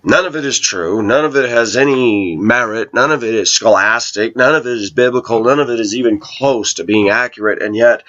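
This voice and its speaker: A man's voice: mid-range voice, fairly quick, hardly any pauses, a bit bright, lo-fi sound. A middle-aged man giving a casual preaching monologue, telling stories, asking rhetorical questions and laughing often. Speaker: online Christian commentator.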